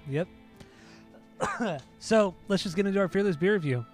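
A young man with a slightly higher voice chats loosely about beer, teasing his friend and tripping over foreign names. He has a tickle in his throat. Faint music plays behind him. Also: animated, normal speed. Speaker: podcast co-host reviewing beer. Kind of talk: casual chat.

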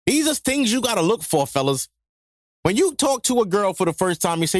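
A man hosts a podcast, talking in a high-pitched voice. He rants in a profane, joking style. The sound is dry and close, with no room echo. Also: big pitch swings, fairly quick. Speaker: podcast host. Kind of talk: casual monologue.

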